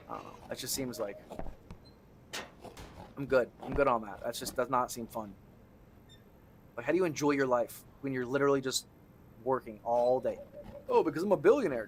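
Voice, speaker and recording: A young man streaming a game, chatting loosely with viewers, joking and swearing with sudden excited outbursts. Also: medium pitch, normal speed, long pauses, background noise. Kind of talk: casual gameplay commentary.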